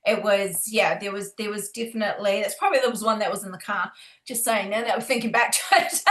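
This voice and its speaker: A woman, a paranormal investigator chatting casually, halting often with fillers and restarts. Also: medium pitch, bright, forceful tone. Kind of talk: casual chat. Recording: roomy echo.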